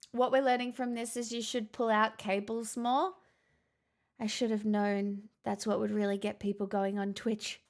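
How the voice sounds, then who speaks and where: A woman's voice: medium pitch, flat delivery, a little slow. A woman streamer chatting casually with her viewers, flustered and giggly, thanking them in stop-start bursts. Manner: flustered, giggly, grateful, talks in stops and restarts. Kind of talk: casual live-stream chat.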